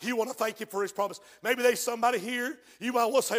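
A man preaching a sermon as pastor, moving from hushed storytelling to shouted, fervent praise. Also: very high-pitched, steady tone, quick pace, few pauses. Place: church sanctuary. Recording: long hall reverb of a church.

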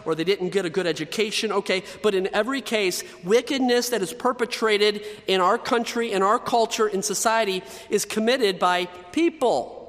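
A man's voice: high voice, a bit bright. Emphatic preaching man, hall reverb. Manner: emphatic preaching with repeated phrases. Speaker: pastor. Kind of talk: sermon.

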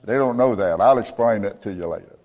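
A man preaching a sermon as pastor, emphatic and building to loud peaks. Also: fairly low pitch, fairly quick, in a large hall. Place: church.

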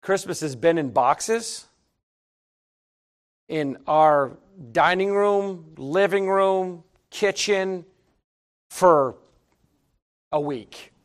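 With a high-pitched voice, drawn-out words and frequent pauses, a middle-aged male pastor preaches. He tells folksy stories and talks right to the congregation.

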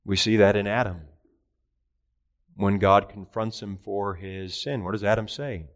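A pastor preaches a catechism sermon with earnest, emphatic delivery. He raises his pitch and volume for rhetorical questions and emphasis, and slows down on key phrases.

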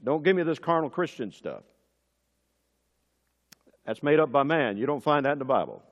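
A man preaching a sermon as pastor, building to emphatic, forceful peaks and dropping back to quiet asides. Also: big pitch swings, normal speed. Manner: emphatic preaching with sudden rises in pitch and force. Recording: long hall reverb.

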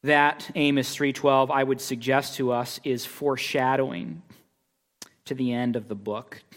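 A man's voice: mid-range voice, steady tone, unhurried. A man preaching an expository sermon, emphatic, with rhetorical questions and repeated phrases. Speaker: pastor. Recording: long reverb of a large hall.

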